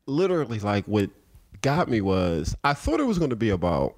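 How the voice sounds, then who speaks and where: A man with a Philadelphia accent, telling stories as a podcast guest and acting out the voices of people he quotes. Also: normal speed. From South Philadelphia. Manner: animated storyteller acting out quoted voices, often high-pitched. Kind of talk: storytelling in a podcast interview.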